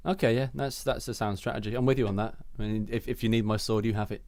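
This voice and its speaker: A man's voice: on the low side, steady tone, quick pace, darkish tone, no echo. A man reading out and joking about comic blurbs in a casual chat, rambling and often laughing. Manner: giggly, rambling, slips into silly accents. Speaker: podcast co-host.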